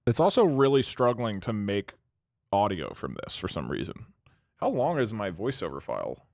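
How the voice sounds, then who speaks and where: Rambling, animated streamer guy. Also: lowish voice, normal speed, gravelly, no echo, clean studio sound. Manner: rambling, exclamatory, thinks aloud. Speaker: YouTube streamer host. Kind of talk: casual commentary while working on screen.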